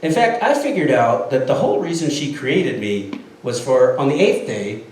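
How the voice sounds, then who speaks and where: A man's voice: mid-range voice, moderate pace. A man in his fifties telling a comic tall tale with lots of laughter. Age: 50s. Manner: animated, laughing often. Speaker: storyteller. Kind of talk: comic storytelling skit. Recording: echoey room from far off, faint noise.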